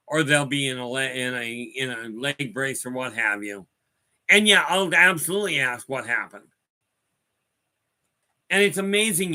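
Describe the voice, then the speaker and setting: A man's voice: fairly high pitch, sharp tone. A man hosting a spiritual talk stream, rambling through stories and calling out viewers by name. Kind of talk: casual talk answering viewer chat.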